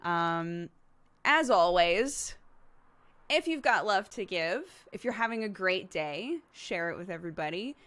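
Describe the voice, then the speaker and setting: A woman's voice: lowish voice, expressive, unhurried, a bit bright. A woman in her thirties hosting a live stream, chatting casually with viewers and laughing often as she tells stories about her toddler. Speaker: streamer host.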